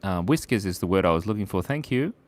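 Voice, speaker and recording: A giggly man hosting a live drawing stream at home, cracking silly jokes as he draws. His voice is low but swings up and down a lot. He chats along in an easy, playful way. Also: lively intonation, fast talker. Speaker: art stream host.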